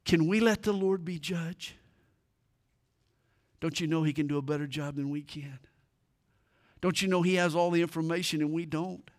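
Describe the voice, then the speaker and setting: A man's voice: on the high side, moderate pace, pauses often. A male preacher giving a sermon, retelling scripture in a dramatic, emphatic way.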